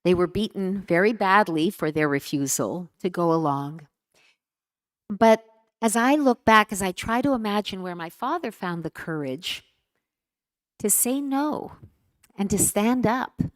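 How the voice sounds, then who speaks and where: A woman giving an earnest keynote speech at a conference, measured and emphatic, repeating words for weight. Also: fairly low pitch. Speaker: keynote speaker. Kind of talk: formal speech. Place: conference hall.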